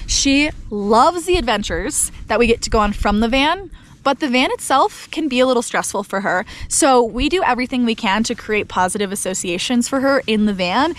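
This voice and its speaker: A woman's voice: fairly high pitch, expressive, moderate pace. A young woman vlogging casually outdoors by a mountain lake, chatty and upbeat, talking to the camera and giving commands to her dog. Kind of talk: casual vlog talk to camera.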